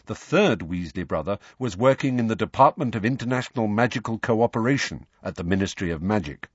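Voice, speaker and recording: A man reading an audiobook aloud, narrating in a low, measured way and switching into character voices. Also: husky, no echo, lo-fi sound. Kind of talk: scripted narration.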